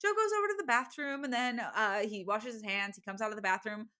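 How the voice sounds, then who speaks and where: A woman's voice: fairly high pitch, a little fast, sharp tone. A young woman co-hosting a podcast, recapping a book in a bubbly, chatty way with lots of fillers. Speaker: podcast co-host. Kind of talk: casual book-recap chat.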